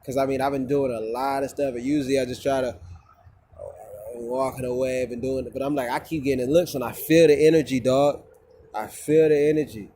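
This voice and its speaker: A man's voice: medium pitch, steady tone, brisk, warm tone, a little hiss or hum. A man talking casually to his phone camera outdoors, rambling and profane, often repeating himself. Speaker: vlogger.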